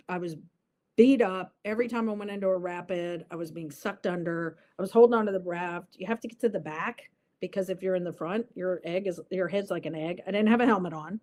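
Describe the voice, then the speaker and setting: A woman's voice: on the low side, darkish tone. A woman guest in an interview, telling a personal story earnestly and vividly, with many fillers.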